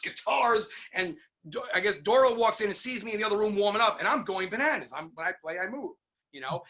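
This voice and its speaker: A middle-aged New Yorker, a guest musician, spins stories in a casual interview with a high-pitched voice. He's animated, acting out the voices of the people he quotes.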